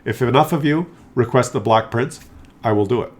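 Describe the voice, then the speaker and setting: A man's voice: medium pitch, a little fast. A man giving casual, playful, jokey commentary over his tank game at home. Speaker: gameplay commentator.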